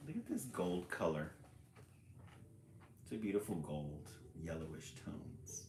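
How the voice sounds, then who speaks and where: A man's voice: sits low, lively intonation, a little slow, faint music behind. A man reading a children's book aloud on a live stream, chuckling often and chatting about the pictures. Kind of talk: live read-aloud with commentary. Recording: echoey room with faint ambience.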